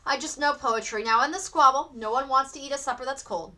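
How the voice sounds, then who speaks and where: Woman reading as a calm, clever young man. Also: sits high, brisk, pitched above the performer's own voice. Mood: placating. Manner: level, reasoning, smoothing things over.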